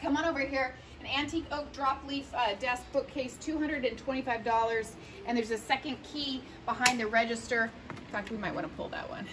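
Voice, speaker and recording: Strolling casually through an antique shop, a woman lists the prices of sale items in a chatty, playful walkthrough with jokey asides. She has a high voice with a steady tone, talks fairly quickly, and the background is noisy.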